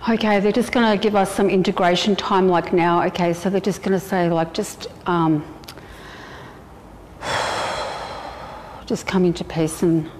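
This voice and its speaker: A woman's voice: fairly low pitch, fairly even intonation, unhurried, long pauses, big-room sound, slight background noise. A woman giving a spiritual channeling reading, relaying messages in a rambling way with many fillers and breaking into chant-like syllables. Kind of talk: spoken channeling session.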